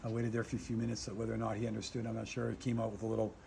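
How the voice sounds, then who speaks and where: A man's voice: lowish voice, racing, vocal fry, slight background noise. Rambling man telling a war story. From Canada. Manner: rambling, animated, many fillers, swears. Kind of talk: casual storytelling in an interview. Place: outdoors in a war zone.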